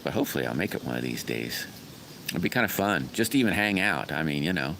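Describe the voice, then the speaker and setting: Low-voiced guy rambling folksy on his live stream, greets folks by name, faint ambience behind. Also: very animated, quick pace, vocal fry, pushed and bright, a little hiss or hum. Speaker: livestream host. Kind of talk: casual live-stream chat with viewers.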